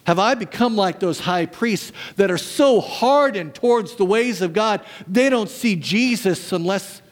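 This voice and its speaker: A man preaching a sermon as a pastor, dramatic, asking rhetorical questions and dropping his voice low for emphasis. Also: lively intonation, unhurried. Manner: rhetorical questions, humorous asides.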